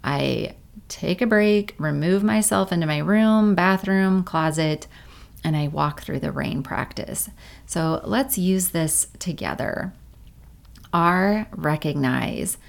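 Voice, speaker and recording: A woman leads a guided meditation in a calm, unhurried manner. Her voice sits low and slow, with a gravelly fry at the ends of phrases. She sounds like a parent in her thirties.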